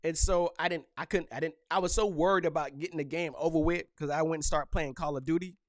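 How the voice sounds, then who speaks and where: A man hosting a podcast, talking casually and joking in loose, animated trash talk. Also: on the high side, fast, no room sound, clean studio sound. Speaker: podcast host. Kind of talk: casual solo podcast rant.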